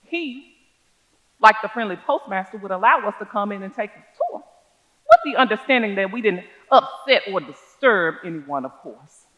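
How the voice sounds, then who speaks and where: An actress in a one-woman stage show, playing a proud older schoolteacher from who tells her story in a measured, folksy way. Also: medium pitch, animated, muffled recording, lightly acted. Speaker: stage performer. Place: theater stage.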